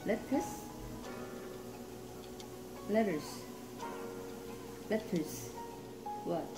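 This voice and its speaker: A woman's voice: medium pitch, animated, drawn-out words. Playful woman with Korean accent. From South Korea. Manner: playful, curious, broken English. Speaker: vlogger. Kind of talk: casual chat. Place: cafe. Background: loud music.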